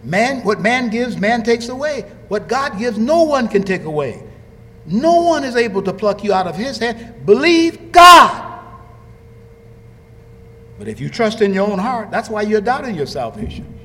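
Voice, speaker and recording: A man preaching an animated sermon, swinging from low quiet asides to high shouted lines and acting out quoted voices. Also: normal speed, slight background noise. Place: church. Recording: long hall reverb.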